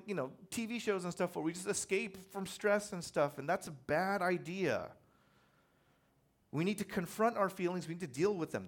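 A man preaching a sermon in a conversational, animated way, telling personal stories with self-deprecating humor. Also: sits high. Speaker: pastor.

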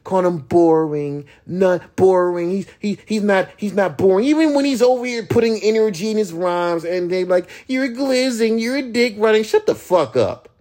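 A man's voice: normal speed, hardly any pauses, dark tone. A man who raps, ranting heatedly on his solo podcast, swearing often and mocking his critics. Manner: imitates critics in a higher voice. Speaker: rapper and podcast host.

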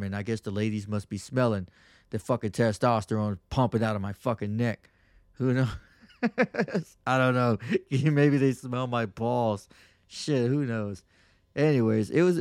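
A male podcast host rambles through stories in a loose monologue. His speech is crude and full of profane slang, and his pitch sits in the middle. The sound is dry and close, with little room echo. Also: a little mellow.

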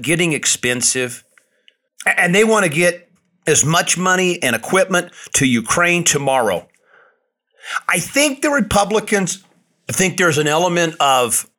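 A man's voice: fairly high pitch, pushed and bright. A man hosting his own podcast, delivering an indignant political monologue, repeating words for emphasis. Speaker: podcast host.

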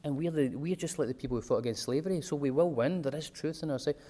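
A man's voice: fairly high pitch, fast talker, warm tone. Chatty man giving a talk. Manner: chatty and digressive, with homely examples. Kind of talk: informal talk to a small group.

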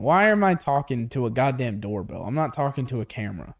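A man's voice: mid-range voice, fairly quick, dry recording, studio quality. A man co-hosting a podcast in a tea shop, telling profane stories in casual chat and acting out the people in them. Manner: profane, animated storytelling with acted quotes. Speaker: podcast co-host.

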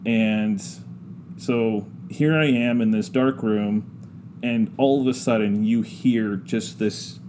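A man telling a story in casual podcast talk, slow and drawn out with frequent ums. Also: on the low side, dark tone, slight background noise. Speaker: podcast guest discussing scripture.

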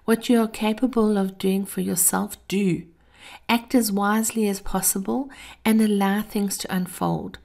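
A woman hosting a scripted motivational talk, speaking in a measured, earnest way and addressing listeners fondly. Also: mid-range voice, steady tone, gravelly, a little mellow. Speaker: host.

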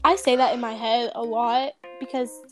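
A woman's voice: fairly high pitch, steady tone, normal speed, soft background music. A young woman with a Southern US accent, chatting casually and rambling on a podcast. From American South. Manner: chatty, rambling with many fillers. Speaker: podcast co-host. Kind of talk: casual chat.

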